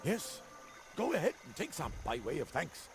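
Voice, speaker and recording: A man's voice: on the high side, huge pitch swings, normal speed. An actor voicing a polite, grandfatherly old male traveler who carries spices, in a video game. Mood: genial. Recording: game audio under music.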